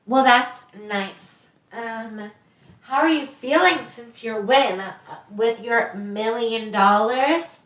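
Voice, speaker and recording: Unhurried, chatty woman hosting. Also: a little high, fairly bright tone. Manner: chatty, upbeat host intros. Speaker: host. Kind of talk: casual video chat.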